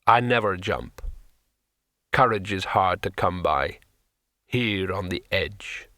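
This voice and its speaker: A man voicing a huge, gentle, melancholy male troll in an audiobook, speaking slowly and heavily. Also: sits low, lively intonation, no echo, clean studio sound, voice pushed down, full character voice. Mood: mournful. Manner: slow, weighty, sorrowful. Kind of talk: audiobook character voice.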